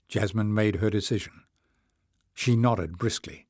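A male audiobook narrator reads scripted narration from a fantasy novel, measured and expressive in a storytelling style. His pitch is medium, and the studio-quality audio has no room sound.

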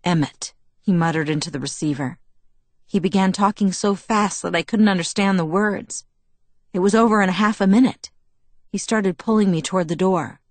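A woman reading a story aloud in first person, in even, measured narration. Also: medium pitch, no echo. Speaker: audiobook narrator.

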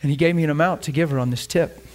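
A man's voice: fairly high pitch, racing. A middle-aged man preaching a sermon, telling a story and acting out the dialogue.

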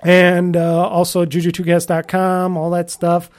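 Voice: medium pitch, completely flat delivery, measured pace. A podcast host in a casual solo chat about games, rambling and often restarting sentences, with an offhand, mildly grumbling manner.

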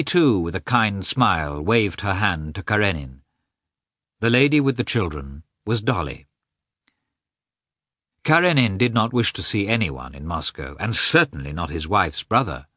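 A man narrating a novel aloud as an audiobook reader, with expressive storytelling. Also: low voice, no room sound, clean studio sound. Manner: expressive storytelling, varied delivery. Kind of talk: scripted narration.

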